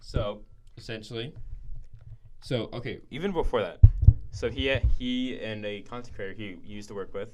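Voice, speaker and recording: Over music, a lowish-voiced man at a moderate pace co-hosts a podcast, keeping the chat casual and rambling with lots of fillers and restarts.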